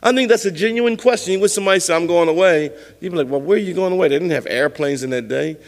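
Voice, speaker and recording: A man preaching a sermon with a high voice for a man. He speaks emphatically but conversationally, circling back and repeating words. His voice rings out with a long reverb, as in a large hall. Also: quick pace. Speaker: pastor.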